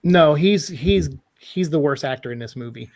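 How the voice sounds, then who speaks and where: A man giving an animated, opinionated critique as a guest in a casual podcast discussion. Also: fairly high pitch, normal speed.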